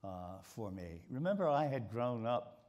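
A man's voice: mid-range voice, sing-song, moderate pace, darkish tone, lo-fi sound. An older man with a mid-Atlantic American accent, telling stories on stage with many repeated words. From Baltimore, USA. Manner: storytelling, with frequent repeated words. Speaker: guest, sports writer. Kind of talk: stage conversation. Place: stage before a live audience.

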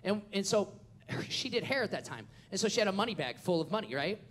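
A man, preaching a sermon as a pastor and acting out a family story with lively storytelling. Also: high-pitched, fast talker. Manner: animated storytelling, acts out the scenes.

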